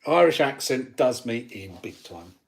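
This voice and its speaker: A man's voice: medium pitch, sing-song, normal speed, gravelly, slight background noise. A man hosting a live stream, casually chatting and reading out viewer comments while he works on his gear. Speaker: channel host.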